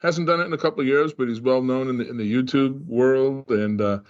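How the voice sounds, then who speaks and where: A chatty man with a Boston accent co-hosts a casual trade podcast and tells his stories easily. His voice sits at a middling pitch. He comes through a dull, lo-fi remote line. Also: brisk. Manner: chatty, storytelling. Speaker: podcast co-host, trainer.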